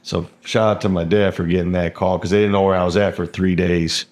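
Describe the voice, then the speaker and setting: Young guy with a lowish voice rambling thru a story, lots of like and bro, swears a bunch, echoey room sound. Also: level tone, fairly quick, darkish tone. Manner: rambling, full of fillers and swearing. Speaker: guest telling his story. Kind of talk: casual storytelling. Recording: roomy echo.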